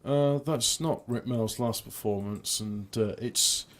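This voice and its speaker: Playing a video game, this male streamer mocks himself in rambling commentary, with many restarts and sentences that trail away. He talks slowly in a mid-range voice.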